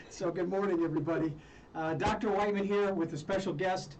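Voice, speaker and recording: A man's voice: high voice, fairly even intonation, brisk, darkish tone, muffled recording. Joking, chuckling male radio host. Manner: joking, chuckling, with many fillers and restarts. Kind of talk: casual live radio talk. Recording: somewhat distant mic with faint noise.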